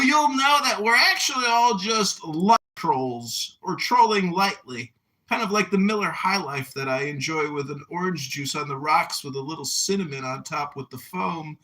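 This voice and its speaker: A man hosting a social audio room, delivering a sarcastic, theatrical rant that breaks into loud chanting. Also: high-pitched. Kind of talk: mocking satirical rant.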